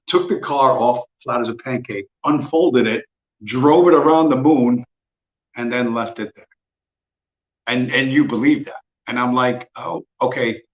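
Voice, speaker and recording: A man in his fifties hosting a livestream, talking in a blunt, profane, mocking rant. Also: medium pitch. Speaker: livestream host. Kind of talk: casual ranting monologue. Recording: roomy, dull lo-fi sound.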